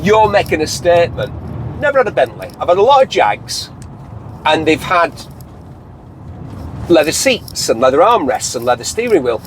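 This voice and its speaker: An English man hosts a casual car review from behind the wheel, telling animated stories in a slightly high voice. Faint road noise hums under his talk inside the cabin. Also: moderate pace, long pauses. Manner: chatty, animated storytelling with put-on voices. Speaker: car show host.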